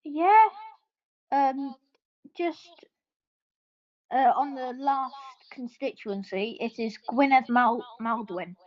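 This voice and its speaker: Slow, hesitant woman co-host, lo-fi. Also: high voice. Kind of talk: casual chat. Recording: dull lo-fi sound.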